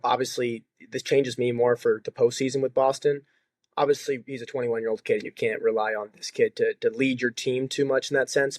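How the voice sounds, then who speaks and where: Fast-talking man with a dry sound. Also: medium pitch, dry recording. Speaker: podcast co-host. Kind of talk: casual sports chat.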